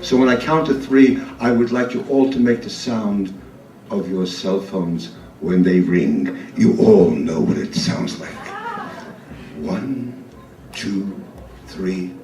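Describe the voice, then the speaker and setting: A man's voice: lowish voice, slow, mellow, slight background noise. A man in his seventies doing a profane, rambling comic monologue on a live club stage, full of restarts. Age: 70s. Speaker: performance artist. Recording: roomy live club sound, distant mic.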